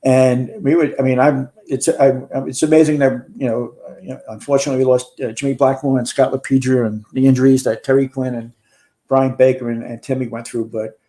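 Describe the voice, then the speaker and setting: Older man with a mellow, warm voice. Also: medium pitch, level tone, a little fast. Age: 60s. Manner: earnest storyteller, relives events in detail. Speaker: guest, retired fire chief. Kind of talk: recounting a firefight in a podcast interview.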